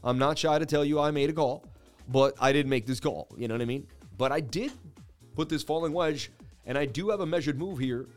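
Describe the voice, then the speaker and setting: A man's voice: fairly high pitch, a little fast, faint music behind. A man in his thirties hosting a crypto trading livestream, rambling through charts in casual chat and laughing at his own jokes.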